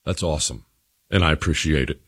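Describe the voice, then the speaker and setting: A man hosting his own talk radio show, commenting emphatically, repeating phrases and swinging between low asides and raised points. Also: fast talker, a bit bright.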